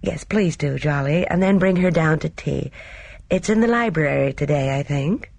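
An audiobook reader takes on the part of a sweet-voiced, loving old woman, sounding fond and gently pleading. The voice is mid-range and moderately paced, soft-spoken and gentle with a breathy, laughing lilt, recorded with no echo.

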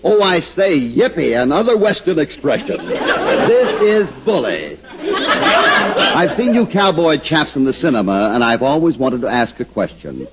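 An actor putting on a foppish, prim upper-class dandy voice in an old radio comedy, on a hissy lo-fi recording. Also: male voice, a little high, wildly swooping pitch, measured pace, over a noisy crowd, heavily acted. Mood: prissy. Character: cowboy hero disguised as a foppish English dandy.

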